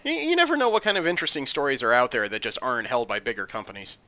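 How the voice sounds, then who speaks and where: A man's voice: mid-range voice, lively intonation, racing, sharp tone. A man hosting a podcast, chatting through comic news with frequent ums and uhs. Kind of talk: casual chat.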